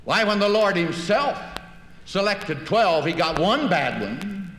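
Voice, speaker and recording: Male orator with a folksy storytelling delivery, voice a bit high, recorded in a reverberant hall. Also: animated, takes it slowly, fairly bright tone. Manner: folksy storytelling, acts out dialogue. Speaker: public speaker. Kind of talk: speech. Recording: echoey hall recording with faint hiss.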